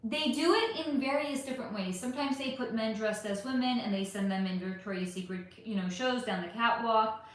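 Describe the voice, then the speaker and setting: A chatty woman hosting a livestream, talking through viewer comments with lots of fillers and restarts. Her voice sits a bit high, and the room around her is very echoey. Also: a little fast, few pauses. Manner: chatty, rambling, frequent fillers. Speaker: livestream host. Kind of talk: casual livestream chat answering viewer comments.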